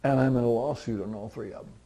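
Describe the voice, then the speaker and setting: A middle-aged man preaching a sermon in a conversational, storytelling way. He acts out the people in his stories, and now and then he breaks into loud, high, pleading bursts to drive a point home. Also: fast. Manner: conversational storytelling, voicing other people in dialogue; swings to loud, high, pleading outbursts for emphasis. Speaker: pastor.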